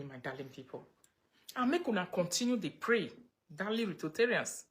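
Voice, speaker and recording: A Nigerian woman chatting casually on a livestream, reading viewer comments and mixing pidgin with English. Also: lowish voice. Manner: chatty, mixes pidgin and English, breaks into laughter. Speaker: livestream host.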